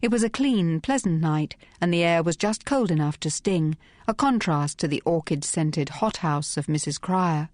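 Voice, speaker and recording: A woman narrating an audiobook in a brisk, crisp, wry manner, close to the microphone. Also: lowish voice, lively intonation, a little mellow, dry recording. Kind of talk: scripted narration.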